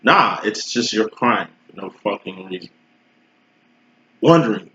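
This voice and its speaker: Low-voiced man giving a slangy tarot reading. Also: expressive, a little slow, pauses often, pushed and bright. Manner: slangy, profane, conversational. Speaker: tarot reader. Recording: roomy, dull lo-fi recording.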